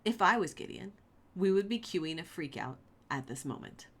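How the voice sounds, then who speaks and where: A woman hosting a casual Bible podcast, reading passages aloud and then retelling them with playful, animated asides. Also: on the low side, moderate pace, slightly rough.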